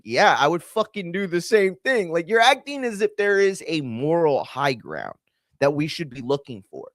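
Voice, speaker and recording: A man's voice: a little high, big pitch swings, moderate pace, a bit bright, no echo. A man hosting a combat sports show, ranting in a heated, profane, rambling way with lots of fillers. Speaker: combat sports podcast host. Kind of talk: casual opinion rant.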